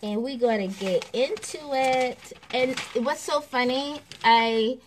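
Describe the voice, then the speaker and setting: A woman spiritual teacher giving a casual class, animated and repetitive, laughing and acting out examples. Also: high voice, takes it slowly, a little hiss or hum.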